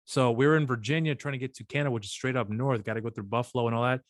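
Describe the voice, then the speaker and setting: Speaking very fast in a mid-range voice with fairly even intonation, a man co-hosts a podcast and chats casually. He tells a long, meandering story with acted-out voices, captured in a clean studio without echo.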